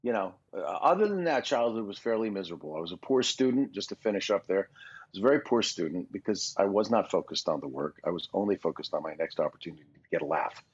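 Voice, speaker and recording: A man in his sixties from Canada talks in a very low, husky voice as a podcast guest. He rambles through self-deprecating anecdotes with plenty of restarts. The recording is dull and lo-fi. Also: expressive, quick pace. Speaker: guest voice actor. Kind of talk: casual podcast interview.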